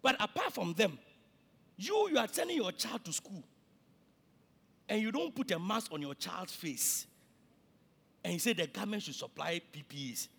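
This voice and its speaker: A male pastor with a Ghanaian accent, preaching a sermon that swings between shouting and quiet, and he repeats himself often. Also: high voice, very animated, normal speed, gravelly, long pauses, breathy edge.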